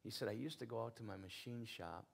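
A male pastor with a low, gravelly, husky-edged voice preaches fast, telling stories in an earnest, conversational way. He repeats phrases to drive points home.

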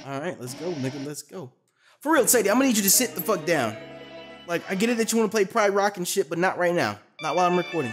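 A young gaming commentator, loud and unruly, cursing freely as they play. The voice swings widely up and down in pitch. A faint bed of music sits under the desk-mic recording. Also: fast talker. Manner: loud, profane, animated. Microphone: desk mic with facecam.

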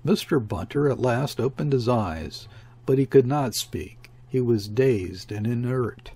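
Husky male audiobook narrator. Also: medium pitch, lively intonation, measured pace, mellow. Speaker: audiobook reader. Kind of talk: scripted narration.

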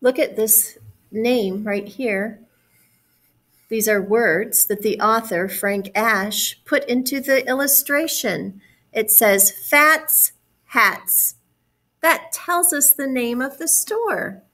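A woman reading a picture book aloud to young children, stopping to explain words and ask questions. She speaks slowly and patiently, with a slightly high voice that encourages the listeners. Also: fairly bright tone, rough recording.

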